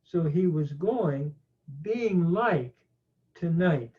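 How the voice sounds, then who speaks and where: A man teaching a slow grammar lecture, pausing often with fillers. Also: on the high side, expressive. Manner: slow, halting, many "uh" fillers. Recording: tinny phone-like audio.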